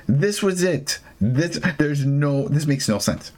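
A man's voice: on the high side, animated, slow, few pauses, a little mellow. A man hosting a casual TV recap, ranting with exasperation and frequent restarts. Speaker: TV show recap host. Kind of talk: casual opinionated recap chat.

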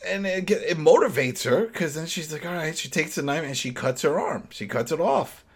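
A man co-hosting a casual recap chat, animatedly acting out scenes in quick mimicked voices. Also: on the high side, lively intonation, husky. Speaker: podcast co-host.

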